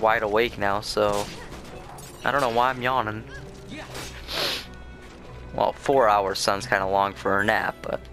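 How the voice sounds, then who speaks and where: Playing through a let's play, a young man rambles casually, restarting often and leaning on fillers. His lowish voice sounds pushed and bright, he's sleepy and yawning, and faint game music runs behind him.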